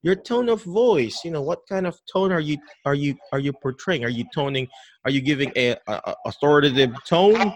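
A man talking as a guest on a podcast call about caring for people with dementia. His pitch swings up and down as he acts out little scenes. He often stops and restarts mid-sentence. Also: fairly quick. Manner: animated, acts out caregiver greetings, many restarts. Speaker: dementia care educator, guest. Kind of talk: podcast interview.

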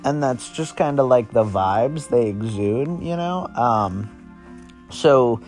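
A man's voice: medium pitch, animated, slow pace, a little mellow, faint music behind. A young man telling an improvised second-person story, rambling casually and often correcting himself. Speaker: podcast storyteller.

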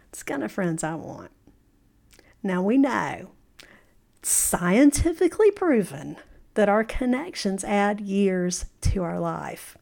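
A middle-aged woman hosting a podcast, giving an encouraging talk and telling stories, often saying "you know" and laughing now and then. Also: mid-range voice. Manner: warm storytelling with frequent "you know" and laughs. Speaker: podcast host. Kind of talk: motivational podcast monologue.

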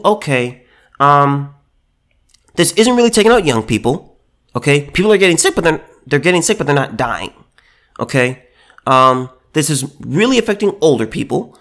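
A man's voice: on the high side, big pitch swings, moderate pace, fairly bright tone. A man giving sarcastic, indignant opinion commentary, often repeating and stammering over his words.

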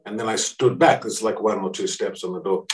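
A middle-aged man from Australia, telling a personal anecdote in an animated way and acting out the voices he quotes. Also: a little fast. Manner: animated, acts out quoted voices with pitch jumps. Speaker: speaker. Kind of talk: anecdotal storytelling. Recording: echoey room, distant mic.

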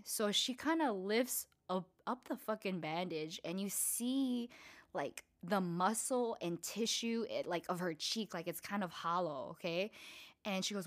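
A young woman hosting a casual storytelling podcast, chatty and profane, full of fillers, acting out the people she quotes with swings in pitch and loudness. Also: moderate pace. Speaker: podcast host.

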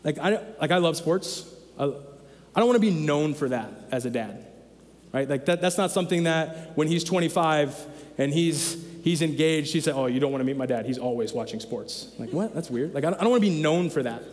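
A man's voice: fairly high pitch, lively intonation, normal speed, in a large hall. A man in his thirties preaching a sermon as pastor, conversational and emphatic, repeating his key phrases. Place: church sanctuary.

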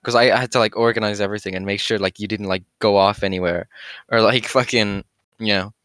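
A teenage boy with a bright, sharp voice talks loosely on a podcast, full of "like"s and offhand swearing. His voice sounds close and dry, with no room around it. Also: lowish voice, fairly even intonation, fast talker, clear, resonant tone, dry recording. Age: teens. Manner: laughing, swears casually, filler-heavy. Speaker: podcast co-host. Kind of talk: casual chat.

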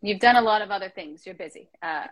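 A woman's voice: medium pitch, fast. A woman hosting a casual interview over a video call, chatty and filling her talk with "like". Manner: chatty, heavy use of "like". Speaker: host.

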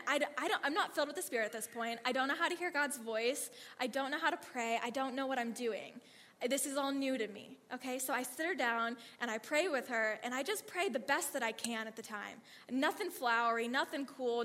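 Animated woman telling a faith story. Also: on the high side, fairly quick, big-room sound. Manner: animated, acts out quotes, frequent "like" and "okay". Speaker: speaker sharing a faith testimony. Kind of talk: storytelling testimony talk.

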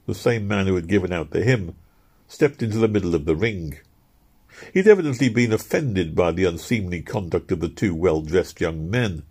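Husky-voiced male audiobook narrator. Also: fairly low pitch, a little mellow.

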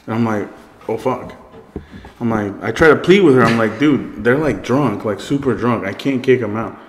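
A man's voice: medium pitch, moderate pace. A man recounts a story in loose, profane casual chat, cracking himself up along the way. The room rings with a long, echoey tail, and a faint hiss sits underneath. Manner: profane, animated, breaks into loud laughter.

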